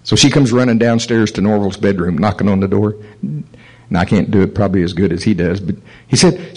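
A man preaching a sermon, telling stories in an animated way and chuckling at them. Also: fairly low pitch, brisk, husky, rough recording. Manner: animated storytelling, chuckles at his own stories. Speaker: pastor.

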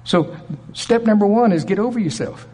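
A man preaching a sermon in an animated way, acting out voices with sudden jumps in pitch. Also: normal speed.

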